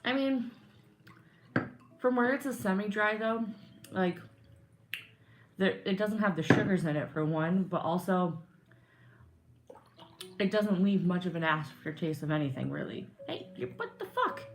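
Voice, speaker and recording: A woman's voice: lowish voice, unhurried, pauses often, a little hiss or hum. A woman co-hosting a casual wine-tasting podcast, talking in a blunt, jokey way. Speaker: podcast co-host.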